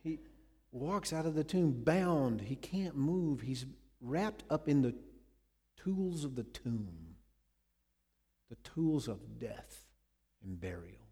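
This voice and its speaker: A man preaching a sermon, retelling scenes dramatically with sudden swings between loud and hushed delivery. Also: mid-range voice, sing-song, slow pace, pauses often, slightly rough, in a large hall. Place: church.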